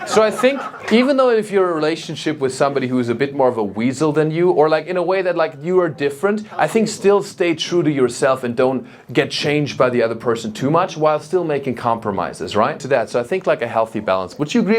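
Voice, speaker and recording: A man with a German accent doing stand-up crowd work, playful and animated, often laughing at his own jokes. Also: a little high, fast talker, hardly any pauses, slight background noise. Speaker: stand-up comedian.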